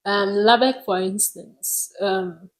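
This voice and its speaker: Ghanaian woman, casual podcast co-host, slow and easygoing delivery, lots of ums. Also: mid-range voice, poor audio. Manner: relaxed, unhurried, with frequent ums. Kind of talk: casual chat.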